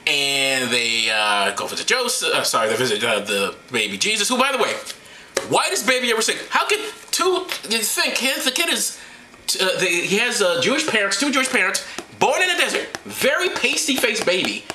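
A man's voice: sits high, sing-song, moderate pace, pushed and bright, reverberant, a little hiss or hum, poor audio. A man hosting a comedic Bible retelling, talking in a rambling, profane, sarcastic way. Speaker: host.

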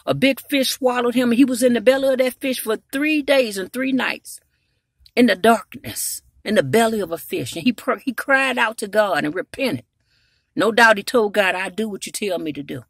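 A woman's voice: fairly high pitch, no echo, studio quality. A woman evangelist preaching a sermon, telling Bible stories and rising in volume to exhort, with frequent hallelujahs.

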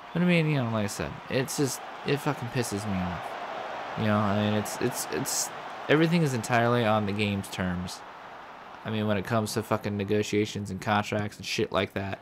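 A man giving casual gameplay commentary as a let's-play host, frustrated, rambling and swearing often. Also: medium pitch. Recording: audible background noise.

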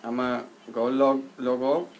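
Gravelly man walking through a tutorial. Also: mid-range voice, level tone, highs cut off. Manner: halting, repeats words, simple direct instructions. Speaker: YouTuber giving a tutorial. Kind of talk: casual screen-recorded walkthrough. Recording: faint background noise.

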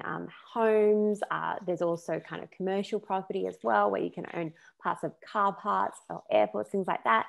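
A woman's voice: lowish voice, creaky. A woman, a money coach, presenting a finance talk in a chatty, loose way with fillers.

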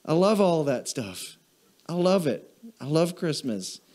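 A man preaching a church sermon as pastor, who repeats short phrases in a steady cadence, asks the congregation for an "amen", and gets emotional while reading. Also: a little high, unhurried. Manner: repetitive preaching cadence, call and response. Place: church sanctuary.

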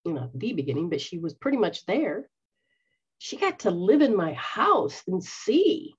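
A woman's voice: on the low side, big pitch swings, a little slow, husky. A woman who is a psychic medium and spiritual teacher, talking earnestly to her followers and acting out quoted voices. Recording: dull lo-fi sound.

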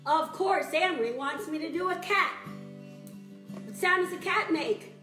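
A woman teaching children's music in a live-streamed sing-along, animated and chatty, greeting viewers by name. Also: extremely high pitch, unhurried, reverberant.

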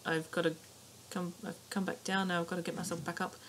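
A woman's voice: lowish voice, fairly quick. A woman giving casual let's-play commentary, chatty and muttering to herself with mild swearing. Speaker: gaming channel host. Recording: steady clicking noise behind.

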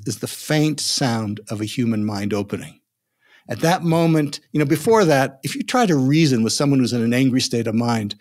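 An older man, a negotiation expert, telling a story in a podcast interview and acting out the voices of the people in it. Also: mid-range voice. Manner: animated storyteller, acts out quoted voices.

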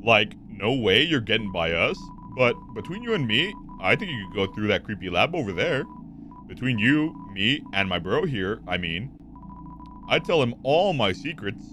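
A man's voice: on the low side, big pitch swings, normal speed, background noise. Man doing a valley girl guard voice, lazy, every line sounds like a question. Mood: breezy. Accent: Valley Girl put-on. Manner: ends sentences like questions. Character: chill male monster guard, Valley Girl talker.

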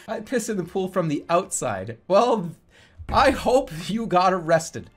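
A man streaming games live, his voice jumping between low mumbling and shrieking laughter. He rambles casually with a giggly edge. Sudden loud outbursts break up the chat. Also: wildly swooping pitch, slow pace.

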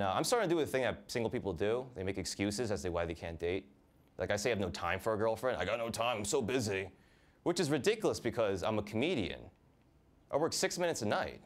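A young man from New Jersey doing a stand-up comedy set, deadpan, mimicking his family's voices. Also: fairly low pitch. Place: comedy club stage. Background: audience laughter.

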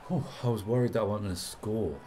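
Sweary excitable young man. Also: on the low side, fast talker, background noise. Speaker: gaming commentator. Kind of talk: casual gameplay commentary. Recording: game music playing behind.

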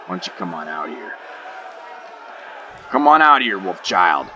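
A man doing Chaz, a deep growling heel wrestler. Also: sing-song, unhurried, highs cut off, a little hiss or hum. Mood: taunting. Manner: taunting, growled shouts. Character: brash boastful male wrestler, heel club leader. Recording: game crowd and music behind.

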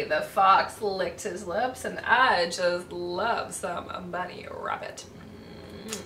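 A woman reading a picture book aloud to children in an animated way, asking her listeners questions as she goes. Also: on the high side, takes it slowly. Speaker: children's storyteller. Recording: echoey room, distant mic, faint hiss.

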